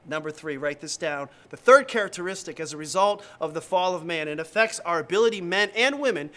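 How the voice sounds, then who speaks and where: A man's voice: high voice, expressive, a little fast, a bit bright. A middle-aged man preaching a sermon as pastor, emphatic and repeating his key lines, acting out the people he quotes.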